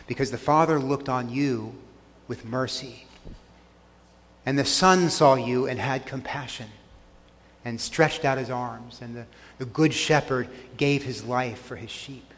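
A man's voice: a little slow, long pauses. Earnest preaching man in echoing church. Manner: earnest preaching, dropping soft and low on key lines. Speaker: pastor. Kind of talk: sermon. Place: church sanctuary. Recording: long church hall reverb.

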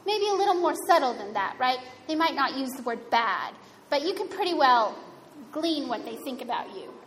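A woman's voice: high voice, sing-song, moderate pace, fairly bright tone. A woman giving a sermon in a conversational, wryly humorous way. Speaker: preacher. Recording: reverberant hall, faint room noise.

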